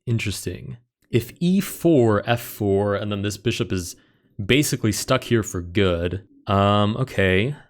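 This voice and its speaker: Man talking through a fast chess game. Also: lowish voice. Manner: thinking aloud, quick reactive exclamations. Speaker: chess streamer. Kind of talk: live game commentary.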